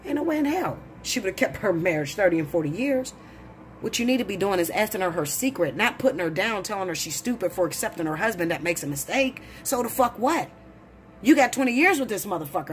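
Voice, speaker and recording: Blunt, profane woman ranting, voice leaping high. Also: lively intonation, fast, slight background noise. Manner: blunt, profane, preachy, rising to shouts. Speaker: tarot reader. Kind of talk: heated monologue to camera.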